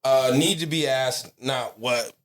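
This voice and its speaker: A man's voice: medium pitch, slow, a bit bright, roomy sound. A man hosting a podcast who asks questions in laid-back slang and swears casually. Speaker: podcast host. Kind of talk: casual interview chat.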